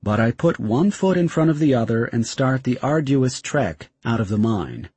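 Husky, dry-sounding male narrator for a tense first-person story. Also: mid-range voice, very animated, normal speed, a little mellow, no echo. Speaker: audiobook narrator.

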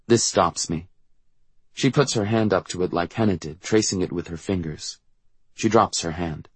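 A man narrating a first-person novel in a quiet, measured way. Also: low-pitched, slightly rough, no room sound. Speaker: audiobook narrator.

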